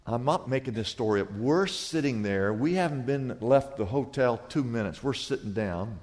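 A middle-aged man preaching a sermon as pastor, telling a story in a lively, animated way. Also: medium pitch, moderate pace. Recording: long reverb of a large hall.

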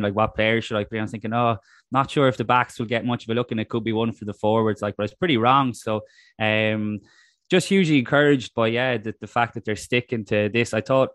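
A man's voice: fairly low pitch, no echo, studio quality. A young man, a rugby writer, talking in a rambling casual way with many restarts. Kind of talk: casual podcast chat.

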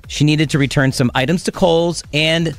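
A middle-aged man, hosting a casual radio chat and telling a story with animated back-and-forth voices. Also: fairly high pitch, normal speed, faint music behind. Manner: animated storytelling, acting out both sides of an argument. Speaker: radio host.

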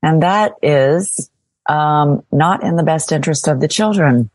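Woman interviewer, low pitch, supportive, close dry sound. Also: unhurried, a little mellow, dry recording. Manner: supportive, frequent short affirmations.

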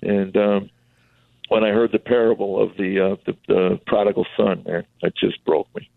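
A man's voice: lowish voice, level tone, normal speed, gravelly, no echo. A middle-aged comedian telling his life story on a radio talk show, acting out the voices of people he quotes. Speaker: comedian and author guest. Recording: tinny phone line.

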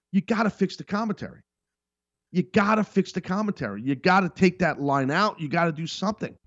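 A podcast host who also commentates on wrestling delivers a casual, rambling, emphatic monologue, often cutting himself off and starting over. His voice is fairly high, and the dull lo-fi recording is dry with no room sound.

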